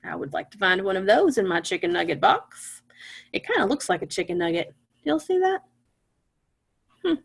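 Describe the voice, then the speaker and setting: A woman teaching a phonics lesson to young children, patient and encouraging, sounding out words slowly. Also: medium pitch, big pitch swings, vocal fry, breathy edge.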